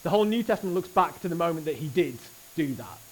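A man preaching a sermon at a church service, earnest and animated, often restarting his phrases. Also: on the high side, fast talker, slight background noise, rough recording.

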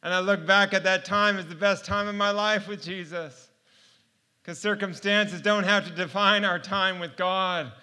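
A man's voice: high voice, fairly even intonation, normal speed, pushed and bright, smooth. A middle-aged man sharing a personal faith testimony, storytelling earnestly and laughing often. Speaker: speaker sharing his testimony.

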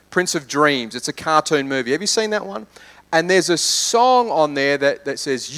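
A male pastor preaching a sermon, moving between lively urging and hushed prayer. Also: fairly high pitch, smooth. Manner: animated, swings from loud urging to hushed prayer.

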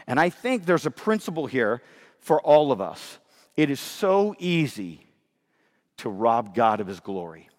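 Male pastor, high and very lively voice, emphatic sermon delivery, long hall reverb. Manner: animated, emphatic, repeats phrases.

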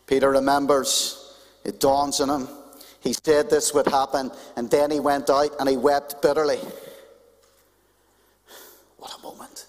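A man preaching a sermon as a pastor, animated and conversational with touches of humor, in a church. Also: mid-range voice, normal speed. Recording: long hall reverb.

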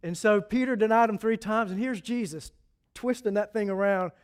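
A man preaching a sermon in a chatty, animated storytelling way, adding asides and chuckles. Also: high voice, normal speed, clean tone.

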